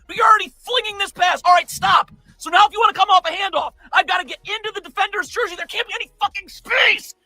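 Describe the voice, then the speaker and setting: High-pitched yelling basketball analyst man. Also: fast talker, hardly any pauses, dry recording. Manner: profane, exasperated, yelling. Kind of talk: heated film breakdown commentary.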